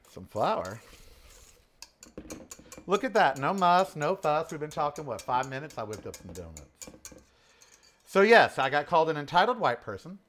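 A man in his forties, from Southern California, chats casually while cooking for his vlog. He tells his story in an animated, emphatic, sassy way, with a voice pitched a little higher than most men's. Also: a little hiss or hum. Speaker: home cooking vlogger.

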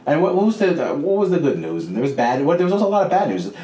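A man's voice: on the high side, sing-song, rapid-fire, warm tone, reverberant, a little hiss or hum. A man co-hosting a casual chat, laid-back, swearing and restarting his sentences. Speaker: co-host.

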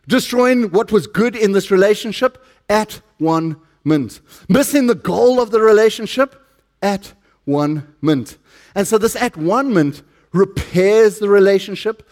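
High-voiced South African pastor joking with his flock. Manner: chatty, joking with the congregation. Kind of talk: sermon.

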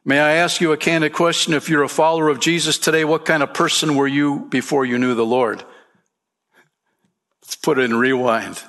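A man's voice: on the high side, fairly even intonation, normal speed, a bit bright. A man preaching a sermon as pastor, emphatic, lifting his voice for key points and calling listeners "man" and "friend".

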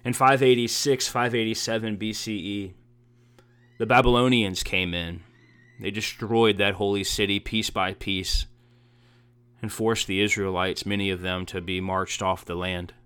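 A man's voice: lowish voice, steady tone, unhurried, fairly bright tone, clear, resonant tone, no echo. A man preaching a heartfelt sermon as a pastor, earnest and emotional, building emphasis through repeated phrases.

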